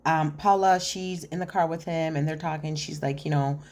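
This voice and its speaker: A woman's voice: deep voice, steady tone, moderate pace, darkish tone. A young woman recapping a reality show episode in casual commentary, chatty and full of fillers, acting out what the cast says. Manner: chatty, filler-heavy retelling with acted-out quotes.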